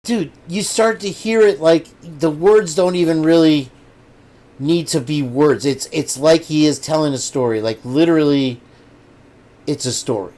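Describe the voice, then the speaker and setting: A man's voice: a little high, measured pace, a little mellow. A man hosting a live stream, chatting casually with his viewers and thinking aloud as he rambles. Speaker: livestream host.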